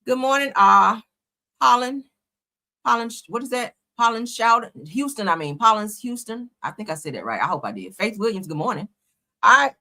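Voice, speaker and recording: A woman's voice: a little high, animated, moderate pace, pushed and bright. A woman hosting a livestream, giving casual, slangy commentary and laughing often. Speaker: livestream host.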